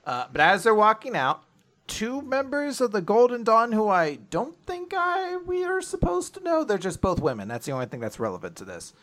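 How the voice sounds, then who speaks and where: A man's voice: high-pitched, huge pitch swings, moderate pace, a bit bright. A man co-hosting a casual recap show, rambling through a story and quoting characters along the way. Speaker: podcast co-host. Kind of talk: casual chapter recap chat.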